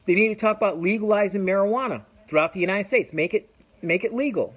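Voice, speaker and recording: A man's voice: high-pitched, fast talker, a bit bright. A middle-aged man hosting a podcast, ranting bluntly and profanely in a rambling, casual way with frequent restarts. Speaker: podcast host. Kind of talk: casual opinion rant.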